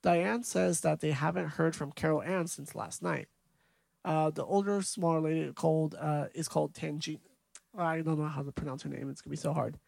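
A man's voice: fairly high pitch, fairly even intonation, moderate pace, gravelly, a little mellow, no echo. A man co-hosting a podcast, casually recapping a movie's scenes from his notes. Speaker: podcast co-host.

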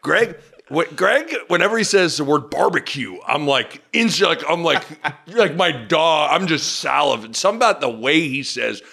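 A male sports podcast host talks in a lively, rambling way, often cutting himself off mid-thought. His voice sits a bit high, with a bright tone and a gravelly edge. His pitch swings widely as he goes. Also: moderate pace. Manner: animated, rambling, self-interrupting. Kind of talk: casual sports talk.

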